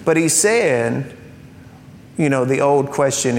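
A man preaches in a slow voice with vocal fry, though his intonation is lively. Talking conversationally to the congregation, he asks rhetorical questions and adds light humorous asides. The sound is reverberant, with a faint rumble.

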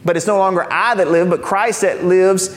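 A male pastor preaching a sermon in a conversational teaching manner, dropping in joking asides and slowing down to stress key phrases. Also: sits high, steady tone. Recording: long reverb of a large hall.

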